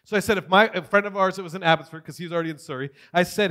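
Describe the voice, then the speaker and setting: A man giving a testimony sermon, telling his story with big swings between loud and hushed. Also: on the high side, very fast, few pauses. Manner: animated storytelling, swings from shouting to near whisper. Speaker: preacher.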